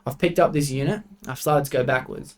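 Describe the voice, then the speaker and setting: A young man, a podcast guest telling work stories in a casual, animated way full of swearing. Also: on the high side, fairly quick. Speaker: podcast guest, refrigeration tradesman.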